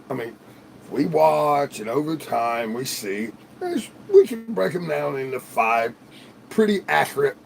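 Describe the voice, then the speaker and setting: Gravelly, animated man rambling on a livestream. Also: mid-range voice, slight background noise. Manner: rambling, profane, often laughing. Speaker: livestream host. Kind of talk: casual live-stream chat.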